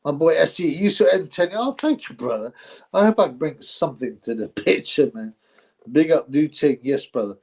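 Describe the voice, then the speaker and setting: A man's voice: on the high side, animated, a little fast, a little mellow, slightly rough, low-quality recording. A man hosting a live boxing stream, chatting casually, rambling, laughing often and thanking his viewers.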